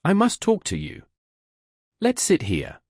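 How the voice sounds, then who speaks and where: A kind, anxious young wife pleads and repeats herself in agitation, as a man puts her on. The voice is lifted higher and husky, with wide swings of pitch, in a dry close recording. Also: wildly swooping pitch, measured pace, a little mellow, no echo, full character voice. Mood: pleading.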